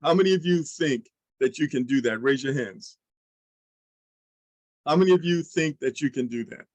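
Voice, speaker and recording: A man's voice: a little high, moderate pace, no echo, rough recording. Upbeat man coaching a sales training. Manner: energetic, coaching, asks the audience questions. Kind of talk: online sales training talk.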